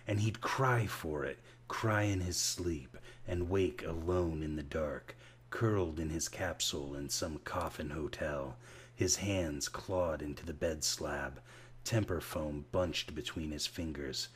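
A man reading a novel aloud as an audiobook narrator, in a slow, measured way. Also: deep voice, slight background noise. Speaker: audiobook reader.

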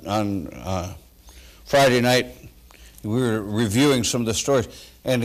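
A pastor preaching a sermon to his congregation, folksy and animated, swinging between loud bursts and quiet asides. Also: mid-range voice. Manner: folksy, talks straight to the congregation.

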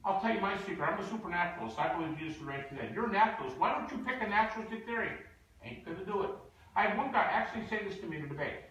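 A man giving an emphatic, animated lecture with stories, acting out the people he quotes. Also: sits high, very fast. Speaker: guest lecturer. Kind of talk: lecture with storytelling. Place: university lecture hall. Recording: echoey hall, distant mic.

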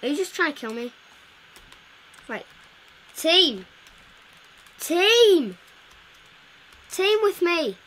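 Woman game host, high-pitched and slow-paced, playful running commentary. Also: sing-song, fairly bright tone, a little hiss or hum. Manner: chatty, playful, talks to game characters. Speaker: gameplay video host. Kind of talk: casual live game commentary.

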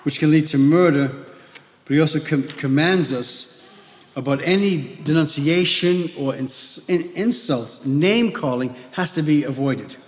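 Guy pastor preaching, kinda high voice, chatty, repeats words, roomy echoey hall. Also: a little slow. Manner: conversational preaching with repetitions and acted-out whispered gossip. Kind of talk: sermon. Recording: echoey hall with long reverb.

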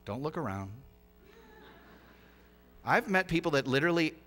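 Bright-voiced man preaching a lively sermon. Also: fairly high pitch, moderate pace, faint music behind. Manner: lively, conversational preaching with big swings in loudness. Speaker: pastor.

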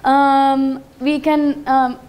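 A woman giving a conference talk to an audience, telling stories in a lively way and laughing often. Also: high-pitched, extremely slow. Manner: lively, with frequent restarts and fillers. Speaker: conference speaker. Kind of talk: live talk with audience questions.

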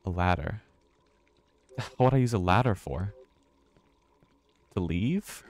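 A man's voice: deep voice, lively intonation, slow, darkish tone, no room sound. A man streaming a horror game, talking to himself with nervous laughs and swearing. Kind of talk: casual let's-play commentary.

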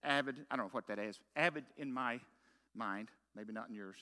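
A man's voice: mid-range voice, fairly quick, bright, forceful tone. A middle-aged man preaching a sermon as pastor, telling a story with self-mocking humor and punchy rhetorical questions.

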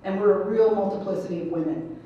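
A woman's voice: mid-range voice, fast talker, recorded from a distance, muffled recording, a little hiss or hum. A woman giving a keynote talk at a conference, telling a story with humor and acting out the people in it. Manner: animated, acts out the people in her story with humor. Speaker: keynote speaker. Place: large conference hall. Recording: echoey hall picked up from afar.

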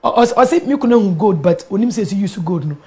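A middle-aged woman with a Ghanaian accent, a pastor sharing a personal testimony in an animated storytelling manner, switching between English and Twi. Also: mid-range voice, fast. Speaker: pastor and guest.

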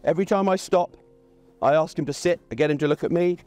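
Chatty man, fairly high voice. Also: fast talker, darkish tone. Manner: chatty, plain-spoken, ranting asides. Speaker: dog trainer. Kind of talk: outdoor training lesson. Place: outdoors by a pond.

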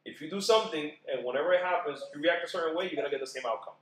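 A man chatting as a podcast guest about marriage, animated and acting out quoted voices as he talks. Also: on the high side, rapid-fire, reverberant, poor audio. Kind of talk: casual podcast chat.

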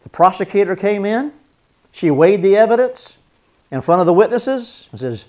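A man teaching a marriage seminar in a sermon style. He moves from loud, emphatic points to soft, quiet role-played apologies and chuckles between points. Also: high-pitched, sing-song, normal speed.

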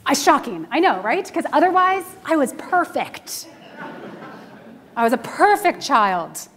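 A woman in her forties preaches in a church, keeping her sermon chatty and full of stories. Her voice sits a little high, and her delivery is animated, with frequent laughter running through it. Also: unhurried. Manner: animated, conversational, laughs often. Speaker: minister. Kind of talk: storytelling sermon. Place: church sanctuary.

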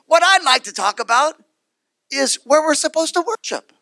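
A male pastor preaching a sermon, telling the story in a lively way, acting out the people in it and repeating his phrases. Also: very high-pitched, moderate pace, gravelly, no echo, studio quality.

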